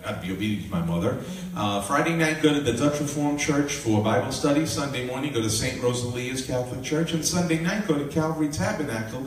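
Heard from a distance in an echoey room with slight background noise, a sixties-aged minister tells his life story as testimony. He speaks fairly quickly at medium pitch with hardly any pauses, acting out dialogue and laughing often.

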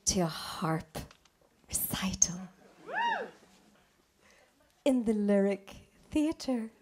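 A woman doing live musical comedy on a theatre stage, teasing the audience and swinging between loud asides and hushed whispers. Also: medium pitch, a little slow. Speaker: comedic harpist. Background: harp music.

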